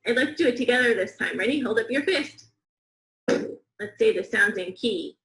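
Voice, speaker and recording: A woman teaching young students a phonics lesson, slow, clear and encouraging, with call-and-response counting. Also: on the high side, expressive, a bit bright, roomy sound, low-quality recording.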